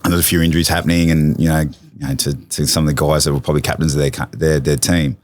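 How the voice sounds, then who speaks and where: A man's voice: very deep voice, quick pace, no echo. An Australian man telling casual stories from his sporting career, acting out quoted lines with bursts of laughter. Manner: animated anecdotes, acts out quotes with laughter. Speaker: podcast guest, former rugby league captain. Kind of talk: casual storytelling chat.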